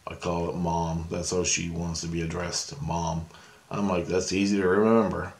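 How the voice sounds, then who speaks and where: A man's voice: sits low, level tone, normal speed. A man telling a long personal story in a meandering, self-correcting way, often breaking into laughter. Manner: meandering, full of restarts and frequent laughter. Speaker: paranormal vlogger.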